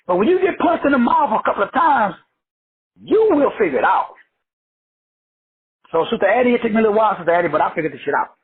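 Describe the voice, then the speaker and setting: Casting: high, husky-voiced man from Texas, slangy motivational preacher, lo-fi call audio. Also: big pitch swings, quick pace, pauses often. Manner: emphatic, repetitive, slangy and profane. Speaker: teacher leading an online call. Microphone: online call. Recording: phone-like lo-fi audio.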